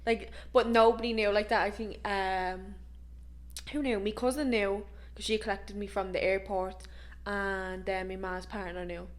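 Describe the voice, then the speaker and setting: A young woman from Dublin with a Dublin Irish accent, co-hosting a podcast, reacting quickly and retelling stories in casual chat. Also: mid-range voice. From Dublin, Ireland. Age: young adult. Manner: laughs easily, quick reactions, animated retelling. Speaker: podcast co-host.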